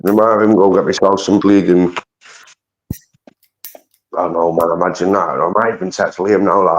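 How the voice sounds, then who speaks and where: A man's voice: sits low, fairly even intonation, normal speed, long pauses, dull audio. A man with a Manchester accent hosting a live stream, rambling through casual chat with plenty of slang and swearing. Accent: Mancunian. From Manchester, England.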